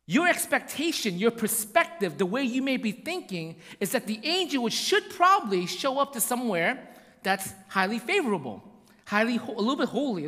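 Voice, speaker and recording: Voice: medium pitch, fairly bright tone. A preacher giving a conversational sermon, with slangy asides and frequent check-ins with the listeners. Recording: long hall reverb.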